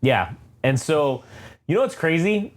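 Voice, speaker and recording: Male podcast co-host, lively swings in pitch, casual, profane comic recap. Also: a little hiss or hum. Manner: animated, profane retelling with quick character voices.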